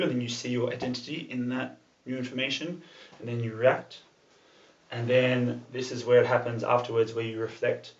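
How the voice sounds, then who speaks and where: Male presenter at a club, mid-pitched and chatty, recorded from a distance with a dull sound. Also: creaky. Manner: loose and chatty, with many fillers and the odd swear. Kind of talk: casual talk to a small group. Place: room with a group of listeners. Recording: echoey room, far from the mic, dull sound.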